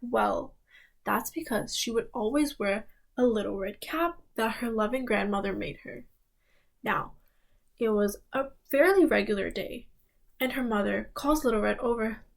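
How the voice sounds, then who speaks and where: Young woman storyteller, slow, creaky, pitched a bit high, talks right to you. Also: low-quality recording. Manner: addresses listeners, dramatic pauses. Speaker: student storyteller. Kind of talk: oral fairy-tale storytelling.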